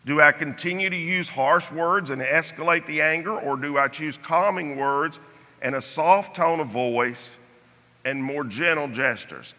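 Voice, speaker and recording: An older man teaching a Sunday Bible class in a measured way, dropping to a soft voice on key phrases. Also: on the high side. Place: church hall. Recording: church hall reverb.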